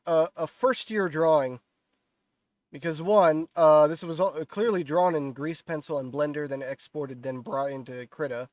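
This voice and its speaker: A man's voice: a little high, clean tone, no echo. A man with a nasal, stuffy voice from a cold, casually rambling through a live modeling stream with self-deprecating asides. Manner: rambling, self-deprecating, lots of fillers and restarts.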